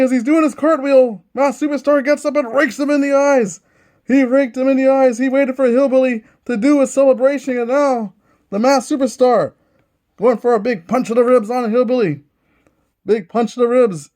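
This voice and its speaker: High-voiced man calling tabletop wrestling. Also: darkish tone. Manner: eager, repeats each move as he calls it. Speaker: host commentating a tabletop wrestling game. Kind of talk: play-by-play wrestling commentary.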